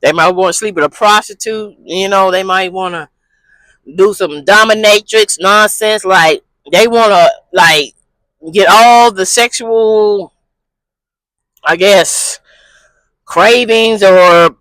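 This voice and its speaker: Dude vlogging from his parked car, high voice, rambling and slangy, cusses a lot. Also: slow pace, sharp tone, no room sound, poor audio. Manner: candid, rambling, slangy and profane. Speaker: vlogger, channel host. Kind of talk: casual talking-head vlog.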